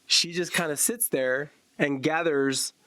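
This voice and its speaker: Male podcast co-host, bright, slightly high voice, long scene recaps, dry close mic. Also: measured pace, no room sound. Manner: recounts film scenes at length, quoting dialogue. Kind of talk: casual chat.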